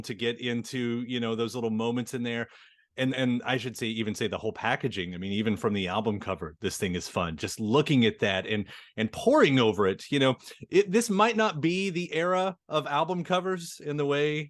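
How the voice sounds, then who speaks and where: A man's voice: mid-range voice, no room sound, clean studio sound. A man hosting an interview, asking long, rambling questions full of restarts. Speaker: podcast interviewer.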